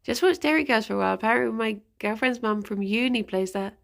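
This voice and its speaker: A woman's voice: fairly high pitch, fast talker, creaky. A young woman chatting casually on a livestream at home, giggling and talking to her pet rabbits. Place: at home, indoors.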